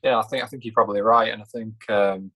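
A man with a low voice and a flat, level delivery. He talks football casually, in a measured and hesitant way, and he often pauses to gather his words. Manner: measured, hesitant, many fillers and restarts. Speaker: podcast co-host.

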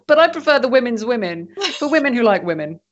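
A woman's voice: fairly high pitch, big pitch swings, fairly quick, a crowd in the background. Joking woman on a dull call. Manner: joking asides, wordplay. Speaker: podcast co-host. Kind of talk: casual chat over a video call. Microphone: video call.

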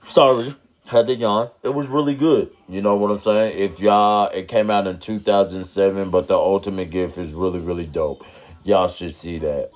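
A man's voice: on the low side, fairly even intonation, moderate pace. A man hosting his own podcast, talking casually and loosely with slang and lots of fillers. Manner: laid-back, rambling, with slang and fillers. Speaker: podcast host. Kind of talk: casual solo podcast talk.

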